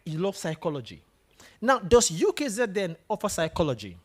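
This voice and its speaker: A man gives a motivational talk to a room of students. His pitch swings widely as he fires questions straight at the crowd and pushes them to answer. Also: fairly quick. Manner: animated, questions the audience directly. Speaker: guest speaker at a university.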